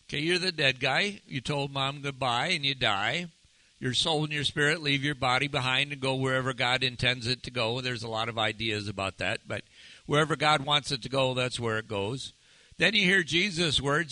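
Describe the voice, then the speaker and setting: A man preaching a sermon, asking his listeners one rhetorical question after another and turning soft and slow to stress key words. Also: mid-range voice, no echo, poor audio. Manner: asks the audience many rhetorical questions. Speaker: pastor.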